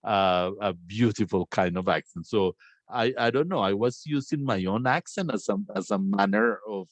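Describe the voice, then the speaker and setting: A Colombian man, a native Spanish speaker, hosting an online academic discussion in English in a reflective, halting way. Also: lowish voice, no room sound. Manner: reflective, halting, many restarts. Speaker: conversation host. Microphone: video call.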